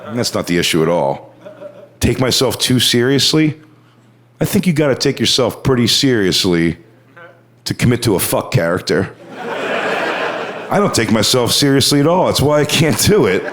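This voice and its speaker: A man doing stand-up on a comedy club stage, telling crude stories bluntly and deadpan into a handheld mic. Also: medium pitch, normal speed. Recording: roomy, noisy live club recording.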